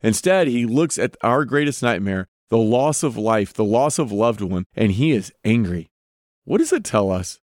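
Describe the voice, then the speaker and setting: A man's voice: fairly low pitch, lively intonation, normal speed, a little mellow, no echo, clean studio sound. A man hosting a podcast, giving earnest devotional Bible teaching and putting direct questions to his listeners.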